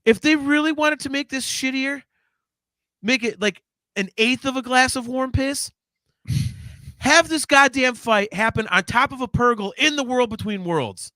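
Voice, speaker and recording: A man's voice: very high-pitched, normal speed, bright, forceful tone, dry recording, studio quality. A man co-hosting a live podcast in a casual chat, ranting animatedly with plenty of profanity. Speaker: podcast co-host.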